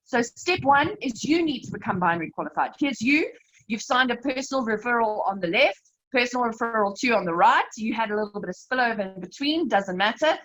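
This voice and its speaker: A woman with a fairly high voice leads a live slide presentation on an online call. She explains things step by step, brisk and emphatic, and keeps turning to her listeners as "you guys". The audio is dull and lo-fi. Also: expressive, a bit bright. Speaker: network marketing team leader presenting a webinar.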